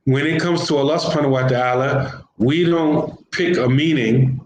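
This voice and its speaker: With a slightly high, somewhat mellow voice at normal speed, this Islamic teacher delivers a conversational religious lesson. Slang and repeated phrases run through his talk, captured with roomy echo and faint hiss.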